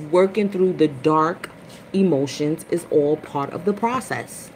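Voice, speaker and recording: Woman, livestream host, casual chat, mellow tone, faint hiss. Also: takes it slowly, low-quality recording. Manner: chatty and expressive, greets viewers by name; dramatic swings into high, loud retellings.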